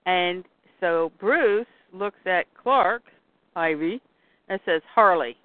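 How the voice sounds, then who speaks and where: A woman's voice: lowish voice, slow pace, no echo. A woman hosting a podcast, casually retelling a comic story and acting out the characters' lines. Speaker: podcast host. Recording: dry, tinny phone-like line.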